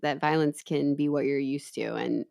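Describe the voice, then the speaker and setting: A woman's voice: low voice, fairly even intonation, moderate pace, creaky, darkish tone. A woman co-hosting a casual podcast chat, talkative and laughing easily. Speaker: podcast co-host.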